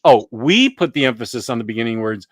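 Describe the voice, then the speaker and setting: A man's voice: mid-range voice, lively intonation, fast, dry recording, studio quality. A man hosting a live comic book stream, chatting casually and joking while he browses new releases. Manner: chatty, jokey, thinking aloud while browsing. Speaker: comic book show host.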